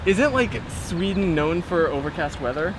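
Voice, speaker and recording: A young woman teases and commentates as she hosts a casual vlog from a small boat. Her voice is lively and swoops up and down. Loud outdoor wind and motor noise sit behind her. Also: lowish voice, moderate pace. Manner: playful, teasing, commentating.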